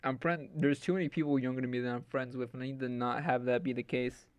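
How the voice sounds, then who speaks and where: A man's voice: medium pitch, level tone, fast, smooth, dry recording. A young man streaming live, ranting in an exasperated, joking way and swearing heavily while his setup fails. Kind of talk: casual live-stream rant.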